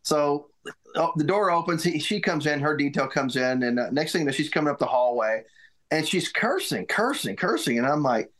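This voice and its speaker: A middle-aged man, a former military aide, recounting memories in a casual interview, halting and restarting often. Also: on the high side, lively intonation, a bit bright. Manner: halting, many restarts and repeated words. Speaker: guest, former White House military aide.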